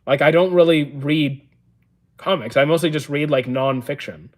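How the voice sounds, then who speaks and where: A man in his thirties hosting a livestream, reading out chat questions and answering them in a calm, dry, matter-of-fact way with frequent "uh"s. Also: on the high side, moderate pace. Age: 30s. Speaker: livestream host.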